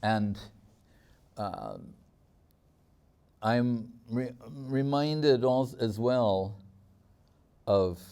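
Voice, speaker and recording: Mellow-voiced man giving a devotional talk. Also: medium pitch, very animated, clean tone. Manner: reflective storytelling, slowing on key words, chuckling. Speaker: spiritual teacher.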